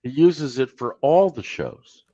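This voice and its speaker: A man's voice: mid-range voice, big pitch swings, unhurried, warm tone, slight background noise. A man co-hosting a casual morning chat show, teasing and pressing the others with questions. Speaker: co-host. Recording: dull, dry remote-call audio.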